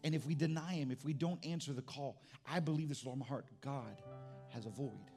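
A man's voice: medium pitch, fairly quick, music in the background. A middle-aged pastor preaching a sermon in a conversational way, often restarting his sentences.

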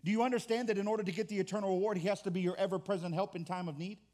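Preaching rapid-fire in a high, slightly mellow voice with a steady tone, this pastor keeps his sermon conversational and full of restarts. He mimics complaining churchgoers, putting on mock voices for their gripes.

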